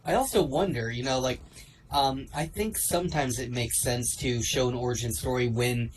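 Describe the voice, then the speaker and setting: A man's voice: medium pitch, moderate pace, a little hiss or hum, low-quality recording. A man co-hosting a livestream chat, thoughtful and hesitant, with many fillers. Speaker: co-host.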